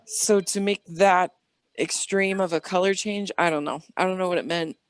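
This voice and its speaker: Woman guest, low-pitched, chatty and rambling storyteller, dry close sound. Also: moderate pace, clear, resonant tone, no room sound. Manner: chatty, rambling, acts out dialogue. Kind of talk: casual storytelling interview.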